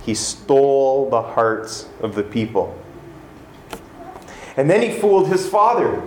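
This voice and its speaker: A man's voice: mid-range voice, very animated, takes it slowly, a little mellow. A male pastor retells a story from the pulpit, slipping into the voices of its people and adding wry asides about himself. His voice rings out in a roomy, echoing space over a faint hum of ambience. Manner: storytelling, acting out quotes, self-deprecating asides. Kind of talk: sermon. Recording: echoey room with faint ambience.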